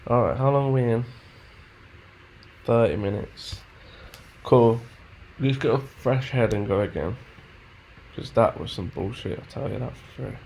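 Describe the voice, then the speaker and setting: A trader backtesting charts mutters to himself as he works, his male voice medium in pitch, unhurried and creaky, with a darkish tone. He sounds frustrated and swears a lot, thinking aloud over a faint hiss or hum.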